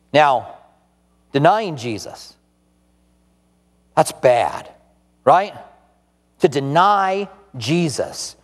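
Man, pastor, sermon, fairly high voice, very lively pitch, long hall reverb. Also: moderate pace, pauses often. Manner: animated storytelling, acts out quoted voices.

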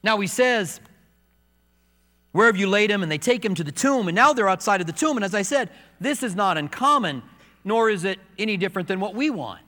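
A man preaching a sermon as pastor, moving between soft, hushed confiding and raised, emphatic preaching in a church sanctuary. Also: high voice, animated, fast talker. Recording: long reverb of a large hall.

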